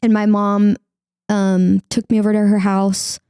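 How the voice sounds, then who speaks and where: Young woman guest, creaky mellow voice, candid and chatty, close dry podcast mic. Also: mid-range voice, completely flat delivery, unhurried, no room sound. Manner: candid, heavy use of "like", acts out her own past words. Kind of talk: emotional personal interview.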